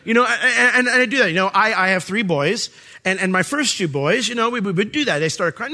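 A middle-aged male pastor preaching a sermon, animated and quick to act out voices, with plenty of fillers and restarts. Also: high-pitched.

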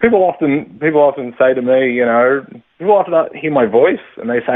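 A man's voice: mid-range voice, very animated, fairly quick. A man, a stand-up comedian, chatting casually in an interview, self-deprecating and laughing often. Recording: tinny phone-line sound.

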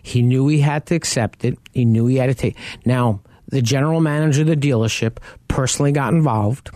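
Male radio co-host, chatty storyteller, mid pitch, dry close mic. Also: a little fast, mellow, no echo. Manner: storytelling, acts out quoted people. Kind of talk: casual radio talk show chat.

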